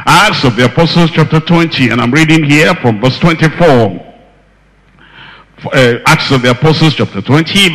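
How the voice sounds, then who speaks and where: A man's voice: fairly high pitch, fairly bright tone. A man preaching a sermon, quoting scripture and repeating his key phrases for emphasis. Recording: long hall reverb.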